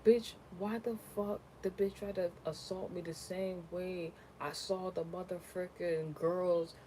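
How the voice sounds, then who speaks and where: A woman's voice: a little slow, slight background noise, low-quality recording. Profane, ranting young woman telling a story. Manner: profane, animated and ranting, swings from low mutters to loud outbursts. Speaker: content creator. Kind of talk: casual storytime vlog.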